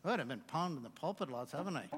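A man's voice: a little high, expressive, fast, fairly bright tone, a little hiss or hum. A man preaching a sermon, mixing scripture readings with joking, self-mocking asides. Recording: long hall reverb.

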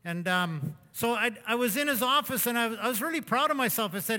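A man's voice: very high voice, lively intonation, fairly quick, hardly any pauses, sharp tone. A man telling folksy, rambling stories with self-mockery in a sermon talk to a congregation. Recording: long hall reverb.

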